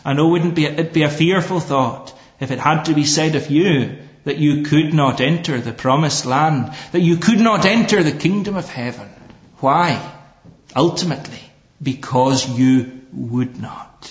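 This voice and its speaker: A man's voice: on the high side, measured pace, reverberant, highs cut off. A man preaching a sermon, earnest and emphatic, asking rhetorical questions and pressing home each point.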